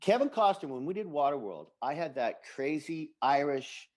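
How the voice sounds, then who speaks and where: A man's voice: a little high, animated, normal speed, a little mellow. A man co-hosting a casual podcast chat, enthusiastic and acting out quoted lines of dialogue. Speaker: podcast co-host.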